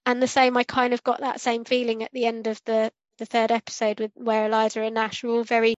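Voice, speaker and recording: A woman's voice: on the high side, completely flat delivery, a little fast, no echo, highs cut off. A woman co-hosting a casual podcast discussion, rambling and correcting herself as she goes and acting out what she was thinking. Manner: rambling, self-correcting, acts out quotes. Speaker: podcast co-host.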